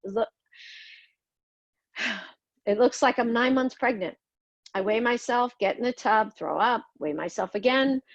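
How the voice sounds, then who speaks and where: A woman with a medium-pitched voice, a podcast host, reads her own memoir. She sounds somber and confessional, blunt, swearing now and then. There is no echo, and the highs are cut off.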